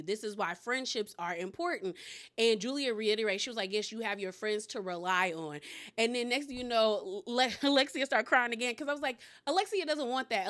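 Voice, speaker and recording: A woman's voice: mid-range voice, a bit bright. A young woman giving a casual, opinionated recap of a reality show, often acting out what the cast members said. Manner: chatty, opinionated, quotes others in character voices.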